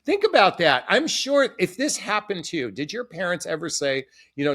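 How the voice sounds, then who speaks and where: A man's voice: high voice, sing-song, normal speed, fairly bright tone. A middle-aged man, a dating coach, talking earnestly and reflectively to camera, repeating phrases for emphasis. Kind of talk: direct-to-camera advice talk.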